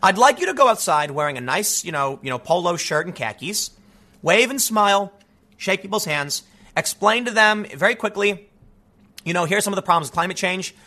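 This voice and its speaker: Male commentator, high bright voice, combative and emphatic rant. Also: lively intonation, normal speed. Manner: emphatic, combative, casual asides like "man". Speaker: political commentator. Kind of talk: ranting commentary.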